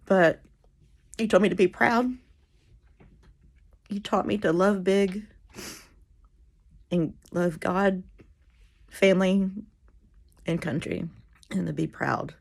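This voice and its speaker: A tearful woman giving a halting, emotional spoken tribute to her late father, often repeating and restarting her words. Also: on the low side, gravelly, darkish tone. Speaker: daughter giving a eulogy.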